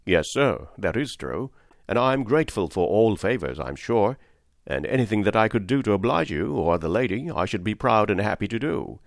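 A man's voice: on the low side, big pitch swings, moderate pace, vocal fry, dry recording, clean studio sound. A man reading the part of an honest, hardworking cabman who speaks earnestly and respectfully. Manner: earnest, respectful, plain-spoken. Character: honest hardworking male London cabman, steady and devout. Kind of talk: audiobook character reading.

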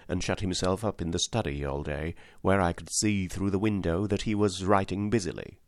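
A man narrating a classic story as an audiobook, in a measured, even storytelling manner. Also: on the low side, no echo, clean studio sound. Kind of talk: scripted narration.

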